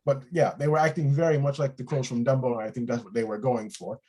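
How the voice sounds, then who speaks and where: Relaxed male co-host thinking aloud. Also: mid-range voice, quick pace. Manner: relaxed, thinks aloud with many ums and uhs. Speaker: co-host of a TV review show. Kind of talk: casual review chat.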